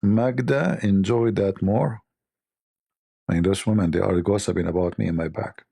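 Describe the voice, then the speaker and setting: A man hosting a casual livestream, his voice gravelly and husky. He rambles along in a mocking, sarcastic way, and his tone stays dark and low-lit. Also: moderate pace. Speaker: livestream host.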